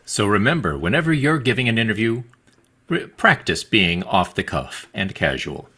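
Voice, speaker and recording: A man's voice: fairly low pitch, big pitch swings, normal speed, pushed and bright, slightly rough. A man narrating a speaking practice video and explaining the point of each clip. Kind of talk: read-out narration.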